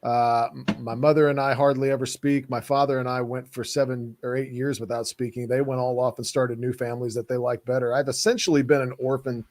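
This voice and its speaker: A man's voice: mid-range voice, level tone, a little fast, few pauses, darkish tone. A man co-hosting a podcast, explaining things thoughtfully in casual chat. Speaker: podcast co-host.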